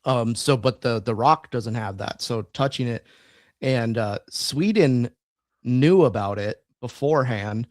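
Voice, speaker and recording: Unhurried and a little mellow, a man's medium-pitched voice carries a casual podcast conversation where he co-hosts. He rambles, with plenty of fillers and restarts, and the studio-quality audio has no echo.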